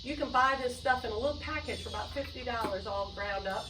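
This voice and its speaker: A woman's voice: fairly high pitch, fast talker, background noise. A woman host, chatting loosely and rambling between songs at home. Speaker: show host and singer. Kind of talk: casual chat and singing with ukulele. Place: home room with doors open to a yard. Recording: roomy, distant mic, loud music.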